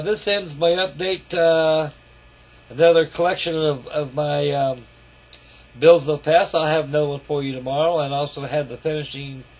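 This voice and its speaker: A man casually narrating a walk-around of his scale model, folksy and rambling, calling his viewers folks. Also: on the high side. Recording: lo-fi camera audio.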